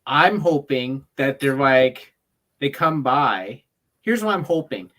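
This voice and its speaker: Mid-pitched chatty co-host, laying out scenarios in casual talk. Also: lively intonation, slow pace, fairly bright tone. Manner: spins hypothetical scenarios, chatty. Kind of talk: casual wrestling chat.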